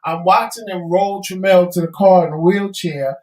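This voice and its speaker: Animated man telling a story in an echoey room. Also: high-pitched, moderate pace. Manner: animated storyteller, acting out quoted voices. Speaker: talk show co-host. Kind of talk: casual storytelling chat.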